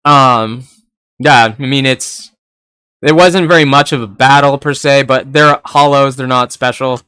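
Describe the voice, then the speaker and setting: A man's voice: mid-range voice, fairly even intonation, measured pace, sharp tone, clear, resonant tone, dry recording, clean studio sound. A young man reviewing an anime episode in a rambling, casual way, laughing often and swearing now and then.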